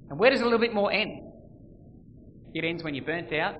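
A man preaching a sermon, swinging between loud emphasis and quiet, intimate lines. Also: high voice, lively intonation, fairly quick, long pauses, muffled recording, a little hiss or hum. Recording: long reverb, faint ambience.

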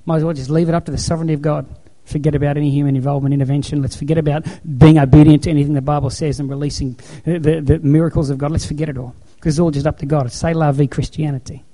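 Mellow-voiced male preacher, emphatic storyteller. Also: on the high side, level tone, rapid-fire, few pauses. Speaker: pastor. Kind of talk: sermon.

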